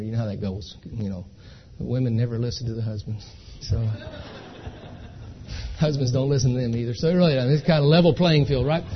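A man's voice: medium pitch, muffled recording. A man gives a folksy, chatty talk to an audience, telling stories and keeping to check in with "okay?". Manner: chatty, storytelling, keeps asking "okay?". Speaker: speaker at an identity theft seminar. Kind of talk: folksy live presentation to an audience.

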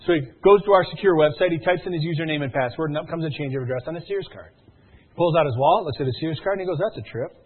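An energetic man giving a sales pitch with stories, who keeps checking in with his listeners. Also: racing, husky. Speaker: sales presenter. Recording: narrow phone-like sound.

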